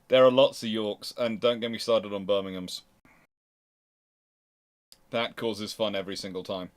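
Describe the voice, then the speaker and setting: A man's voice: fairly low pitch, slow pace, pauses often. A man hosting a casual history livestream, making wry asides and answering viewers' chat as he goes. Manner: chatty, wry asides, reads chat aloud.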